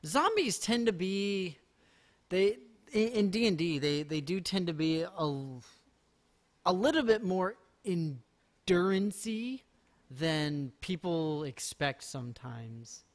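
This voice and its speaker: A man's voice: high-pitched, animated, slow. A man streaming a game live, talking casually in a rambling way and making self-mocking jokes.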